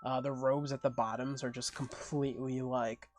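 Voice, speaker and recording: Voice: medium pitch, flat delivery, moderate pace, darkish tone. Rambling game master with faint background hiss. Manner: rambling, filler-heavy descriptions. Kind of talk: narrating a tabletop game.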